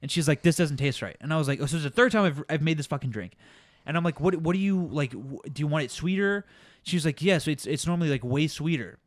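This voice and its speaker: A young man co-hosting a casual podcast, telling a work story in a profane, exasperated, animated way. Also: a little high, fast talker, dry recording, clean studio sound. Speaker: podcast co-host.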